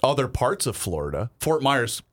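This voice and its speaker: A man co-hosting a casual chat show, telling stories in a relaxed, chatty way. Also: medium pitch, moderate pace. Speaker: co-host.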